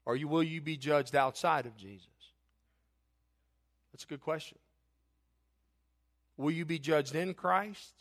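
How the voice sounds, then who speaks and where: A middle-aged male preacher with a high voice delivers an impassioned sermon, reading scripture and pressing his listeners. He speaks unhurriedly with frequent pauses, but his voice climbs and swells almost to a shout when he drives a point home.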